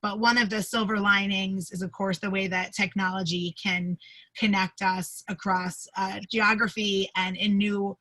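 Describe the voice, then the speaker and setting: Woman rabbi, bright tone, video call intro, emotional, halting delivery. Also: mid-range voice, level tone, rough recording. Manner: warm, emotional, halting with fillers. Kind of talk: livestream service introduction.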